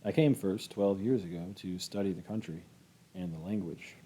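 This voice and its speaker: A man voicing a calm young foreign teacher in a read-aloud novel, plain and steady. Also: low voice, moderate pace, husky. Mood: earnest.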